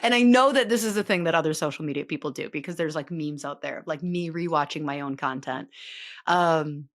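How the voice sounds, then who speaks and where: A woman's voice: deep voice, brisk. A woman in her late thirties hosting a podcast, talking in a rambling, chatty way full of filler words. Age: late 30s. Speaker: podcast host. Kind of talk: casual chatty monologue.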